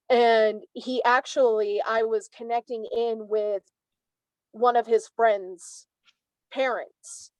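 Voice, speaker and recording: High-voiced woman telling spiritual stories. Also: no echo, low-quality recording. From Savannah, Georgia, US. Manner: animated storyteller, acts out quoted speech. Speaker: guest. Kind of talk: casual conversation.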